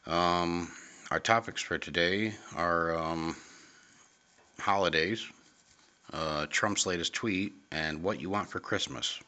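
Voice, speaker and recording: A young man hosting an amateur comedy podcast, hesitant and deadpan, with many pauses. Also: low voice. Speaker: host.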